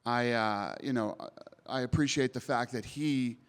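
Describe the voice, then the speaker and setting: Speaking a little slowly in a medium-pitched, clear, resonant voice, a promotion CEO answers reporters at a media scrum. He's blunt and emphatic with casual swearing, recorded in a post-event press area with long hall reverb.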